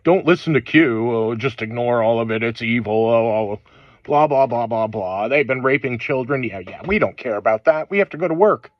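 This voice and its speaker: A man putting on a shrill, mocking voice for a panicking crowd of ignorant people. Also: animated, moderate pace, dry recording, close to an everyday voice. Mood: dismissive. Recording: dull lo-fi dry recording.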